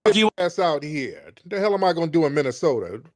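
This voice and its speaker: A man's voice: a little high, sing-song, fast, no echo, clean studio sound. A man hosting a call-in stream, confronting and mocking a caller in a heated argument. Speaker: stream host.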